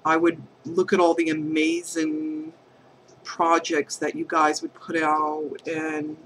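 A woman crafting vlogger talking heartfelt to camera, hesitant and halting, earnest and emotional. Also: sits low, monotone, a bit bright, slight background noise, poor audio. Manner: emotional, affectionate.

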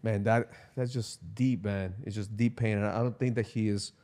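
A man's voice: lowish voice, fairly even intonation, normal speed, dark tone. A man hosting a podcast, talking reflectively and asking probing questions, often repeating words as he gathers thoughts. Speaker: podcast host and coach. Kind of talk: casual podcast chat.

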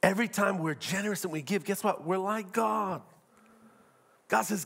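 A middle-aged man pastor preaching a sermon, animated, asking the crowd rhetorical questions and acting out quotes. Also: sits high, moderate pace, vocal fry.

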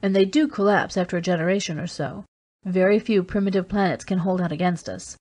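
Woman reading as a quiet, grave man. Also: on the low side, fairly even intonation, close to an everyday voice. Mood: quiet gravity. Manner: quiet, measured. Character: grave, weary man, a space-age Terran. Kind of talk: audiobook character reading.

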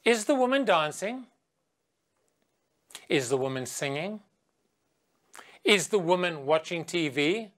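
A woman English teacher giving a slow, clear video lesson to children, asking quiz questions and leading a chant. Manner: patient, asks quiz questions and chants with the class; sings a chant in a higher, lively voice.

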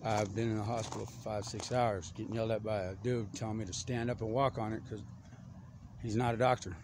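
A man's voice: fairly low pitch, flat delivery, a little fast, background noise. A man talking in a loose, rambling monologue, jumping from one topic to the next. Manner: stream-of-consciousness, jumping between topics.

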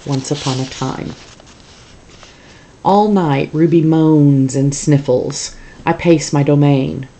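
A teacher reading a novel aloud to a class in a calm, steady storytelling manner. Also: medium pitch, slow, long pauses, slight background noise.

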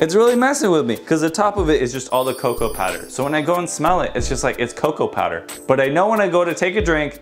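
A young man, joking and laughing through a homemade cooking vlog in his kitchen. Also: fairly high pitch. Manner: playful, self-mocking, laughs often. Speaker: vlogger. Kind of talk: casual comedic cooking vlog. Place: home kitchen.

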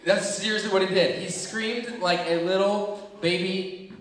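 A young man telling children a funny story from his childhood, animated and acting out screams and voices. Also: high voice, unhurried. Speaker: children's ministry speaker. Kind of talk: storytelling to kids. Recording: echoey hall from far off.

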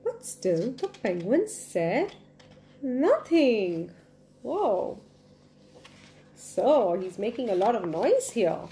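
A woman reading a picture book aloud to children, expressive and full of questions for her young listeners. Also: on the high side, slow. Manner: expressive, asks the children questions, gasps in surprise. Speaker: storyteller for children.

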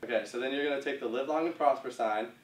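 A young man calmly explaining line dance steps one by one in a casual, easygoing way. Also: medium pitch, quick pace. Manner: casual, walks through moves with fillers like "kinda". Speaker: dance instructor. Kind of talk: step-by-step dance instruction. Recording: roomy sound, mic far off.

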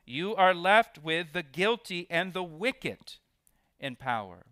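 A male pastor delivering a sermon in an expressive preaching style, hitting key words with extra force. His voice sits somewhat high and sounds bright and crisp. The recording is close and dry. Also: takes it slowly, no echo. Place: church.

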